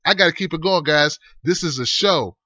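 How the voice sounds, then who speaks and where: A male livestream host with a high, sharp voice that sits dry and close. He talks in a loose, rambling way and fires off animated shout-outs. The sound is dull and lo-fi. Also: moderate pace, dry recording. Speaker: host of an online talk show. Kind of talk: casual livestream chat. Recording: dull lo-fi stream audio.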